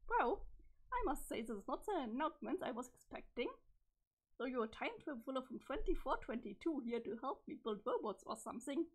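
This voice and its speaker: A woman's voice: high-pitched, big pitch swings, fairly quick, breathy edge, heavily acted. A woman reading the part of an eager, adventurous teenage boy in a webcomic, with exclamatory, quirky old-fashioned slang and a strained voice. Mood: excited. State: strained, failing voice. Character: excitable adventurous teenage boy, easily awed. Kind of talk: reading a webcomic's chat logs aloud.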